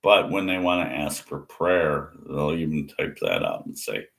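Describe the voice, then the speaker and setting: A man's voice: deep voice, big pitch swings, moderate pace, gravelly, hardly any pauses, fairly bright tone. A man ranting scornfully in a monologue, mocking and repeating himself. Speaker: atheist vlogger.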